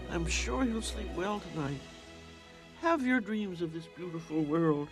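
An actress playing an effusive, chatty museum scientist. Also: female voice, mid-range voice. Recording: film soundtrack with music.

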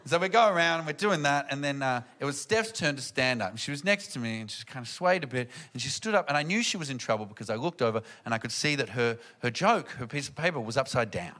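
A man doing stand-up, telling animated family stories and acting out the people in them. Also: medium pitch, fast, hardly any pauses. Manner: animated, acts out family members in loud voices. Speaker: stand-up comedian. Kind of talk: stand-up storytelling. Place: comedy venue with audience.

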